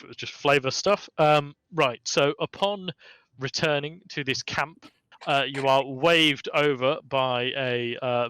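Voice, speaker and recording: Guy running a tabletop game, wry and offhand, bright voice, dry close mic. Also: mid-range voice, clear, resonant tone, dry recording. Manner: wry, offhand narration with fillers. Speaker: game master.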